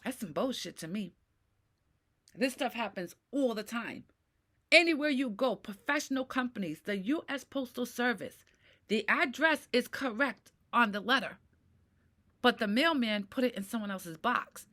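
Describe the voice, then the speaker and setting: A middle-aged woman vents in her mental health vlog, swearing as she goes and repeatedly asking "right?". She talks at a moderate pace in a fairly high, sharp, animated voice.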